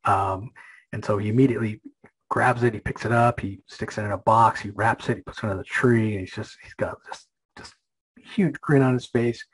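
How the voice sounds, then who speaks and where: A man's voice: on the low side, steady tone, normal speed, breathy edge, rough recording. A man hosting a comic book podcast, casually retelling a story with many fillers and restarts.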